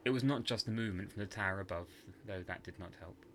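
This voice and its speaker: A man tells a dark tale in scripted podcast narration, measured and hushed. His voice is very deep, yet crisp and forceful, with a faint hiss behind it. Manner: measured, hushed dramatic storytelling. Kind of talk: scripted horror story narration.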